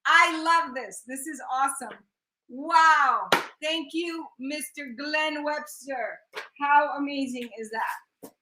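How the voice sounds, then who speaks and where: A woman co-hosting a casual bilingual chat show, bubbly and excitable, gushing with enthusiasm. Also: high voice, slow pace, reverberant, background noise. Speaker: co-host.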